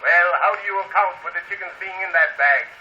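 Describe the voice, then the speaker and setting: A man's voice: sits high, natural voice. A man playing a stern, scolding judge. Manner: brisk, scolding pronouncements. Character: stern, gruff small-town male judge. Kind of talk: vaudeville comedy sketch. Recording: dull lo-fi cylinder with faint hiss.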